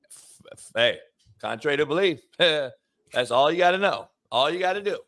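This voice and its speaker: With a fairly high, slightly bright voice and lively intonation, a sports talk host reads ad spots on his loud, casual show. He's brash and swears, stretching words out for emphasis and then firing off quick bursts.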